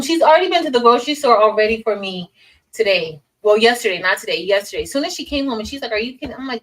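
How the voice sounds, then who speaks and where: A woman's voice: on the high side, animated, quick pace, distant mic, poor audio. A woman teacher hosting a casual livestream, chatting with viewers, reading the chat aloud and calling them y'all.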